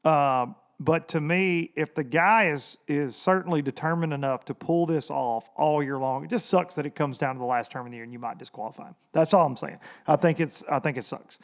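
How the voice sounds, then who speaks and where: A man's voice: fairly high pitch, brisk, few pauses. A young man hosting a casual podcast, rambling and profane, laughing often as he talks. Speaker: podcast host.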